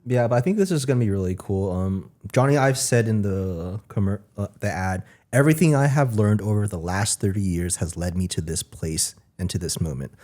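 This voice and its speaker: A man co-hosting a casual tech podcast, talking quickly and laughing often as he presents the news. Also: lowish voice, animated, mellow.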